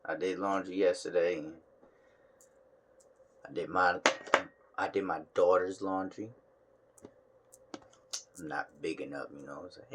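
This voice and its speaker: A man's voice: low voice, steady tone, unhurried, long pauses, breathy edge. A tired man talking casually to his phone camera at home, in a laid-back, slangy way that drawls and trails off. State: tired, yawning. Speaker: vlogger. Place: home room.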